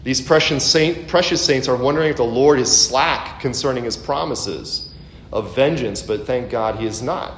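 A man preaching a conversational expository sermon, full of asides and rhetorical questions. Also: normal speed. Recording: echoey room, faint background rumble.

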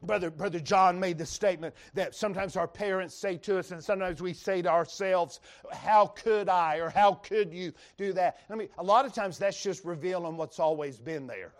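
A man's voice: high-pitched, a little fast, few pauses. A man with a Western North Carolina accent preaching a sermon in a folksy, emphatic way, reading scripture aloud to the congregation. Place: church revival service.

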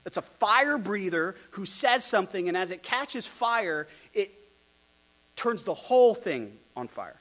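A male pastor working through a sermon text, his voice sitting slightly high and ranging up and down with emphasis. He talks in an animated, rhetorical way and drops in ironic asides. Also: unhurried. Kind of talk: expository sermon.

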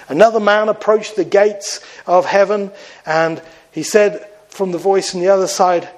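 A man preaching an evangelistic sermon. He talks earnestly, slowing down and growing softer when he appeals to his listeners. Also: on the high side, low-quality recording. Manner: tells a parable with lifted, animated quoted voices.

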